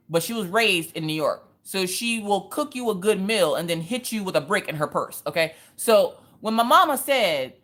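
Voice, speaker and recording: A young woman with a low voice tells a story to her livestream viewers in a loose, chatty way. She acts out each person's lines and drops in Southern slang. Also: a bit bright. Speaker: craft livestream host.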